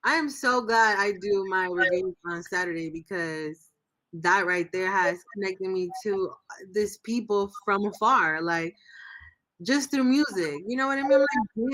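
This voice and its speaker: A woman's voice: mid-range voice, measured pace, fairly bright tone. A woman speaking as a guest on a loose livestream chat. She rambles and circles back, reaching for words as she opens up with plenty of feeling. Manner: emotional, rambling, searching for words. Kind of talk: casual livestream interview.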